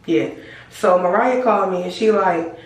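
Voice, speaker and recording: A woman telling a storytime to her viewers in a casual, animated, slangy and profane way. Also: mid-range voice, normal speed, far from the mic. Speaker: storytime vlogger. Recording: very echoey room, voice away from mic.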